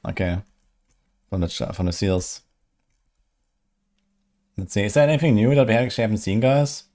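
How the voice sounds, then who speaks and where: A man's voice: fairly low pitch, expressive, moderate pace, a little mellow. Man, streamer, laid-back, hesitant, casual chat.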